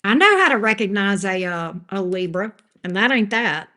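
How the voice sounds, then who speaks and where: A tarot reader gives a live reading in a bright, forceful, animated voice of medium pitch at normal speed. She answers chat with plenty of sass, scolds the trolls, and laughs a lot.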